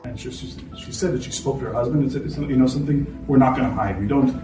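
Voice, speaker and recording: Fast-talking man speaking in an echoey room. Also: medium pitch. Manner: earnest, storytelling, with many fillers. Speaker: speaker at a holiday party. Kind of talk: inspirational speech. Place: party venue. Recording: echoey room from far off, music behind.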